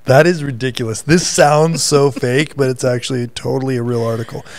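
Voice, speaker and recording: A man's voice: medium pitch, fairly even intonation, a little fast, no room sound. A man co-hosting a casual faith podcast, teasing his co-host and reading news headlines aloud in a playful quiz. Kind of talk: casual chat, quiz game.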